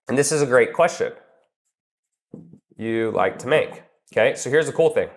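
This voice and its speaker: A man's voice: mid-range voice, moderate pace. A man giving casual business advice as a coach, blunt and emphatic, swearing freely and calling the listener "bro" while he walks through numbered steps.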